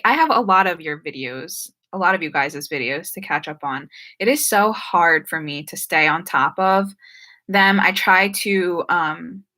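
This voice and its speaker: Young woman w/ jersey-philly accent, bright voice, sits a bit low, lots of likes and ums, chatty live stream q&a. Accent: New Jersey and Philadelphia. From New Jersey. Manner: chatty, frequent "like" and "um", trips over words. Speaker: YouTuber hosting a live stream Q&A. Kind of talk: casual live-stream chat.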